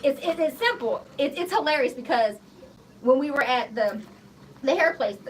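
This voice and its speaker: A woman in her thirties, a guest on a radio show, telling stories in a blunt, profane, animated way. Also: high voice, moderate pace. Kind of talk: casual interview chat. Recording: slightly distant mic with faint background noise.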